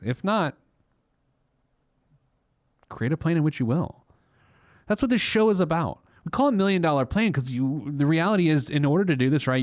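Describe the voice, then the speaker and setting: A man's voice: mid-range voice, a little mellow, no echo, studio quality. A man in his thirties hosting a casual solo money podcast, talking bluntly and with animation, often restarting his sentences. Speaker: podcast host, financial planner.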